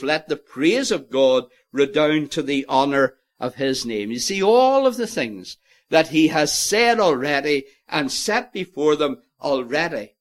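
A man preaching an expository sermon, earnest and emphatic, quoting scripture in old-fashioned wording. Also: on the high side.

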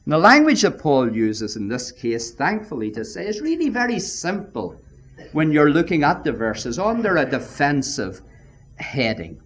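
A man preaching a sermon, emphatic and deliberate, often addressing his listeners as friends. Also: fairly high pitch, huge pitch swings.

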